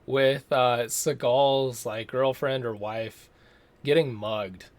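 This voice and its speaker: A man's voice: mid-range voice, fairly even intonation, slow. A man giving a casual, rambling movie review, swearing freely and slipping into mocking impressions.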